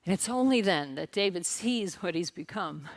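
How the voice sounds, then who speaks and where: Expressive woman pastor preaching. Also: on the low side, normal speed. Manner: expressive storytelling with emphatic repetition; addresses the congregation directly with light humor. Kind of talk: sermon. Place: church service.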